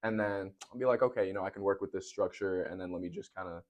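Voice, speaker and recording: A young man, a rapper and producer, talking easily in slang and getting animated when he jokes. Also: low voice, fast talker, dull audio. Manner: easygoing slangy talk, animated when joking. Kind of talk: casual chat.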